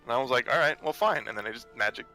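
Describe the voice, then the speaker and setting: A man's voice: mid-range voice, soft background music, poor audio. A man playing a tabletop game, laughing often and describing his moves. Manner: laughing often, slow and animated. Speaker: player.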